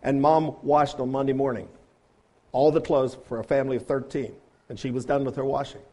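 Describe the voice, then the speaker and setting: A man preaching a sermon, firing rhetorical questions and swinging between loud appeals and quiet, low asides. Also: fairly even intonation, fairly quick. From grew up on a farm.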